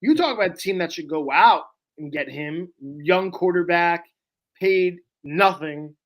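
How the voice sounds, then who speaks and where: A man's voice: high-pitched, lively intonation, a little slow, lo-fi sound. A young man co-hosting a podcast, giving blunt, opinionated takes in a casual sports chat. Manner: blunt, opinionated, trash-talking. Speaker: podcast co-host.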